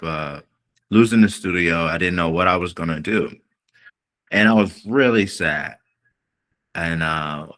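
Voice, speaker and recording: A man's voice: deep voice, pushed and bright. A male R&B singer telling a long story in a podcast interview, acting out the quoted voices as he goes. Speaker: guest singer.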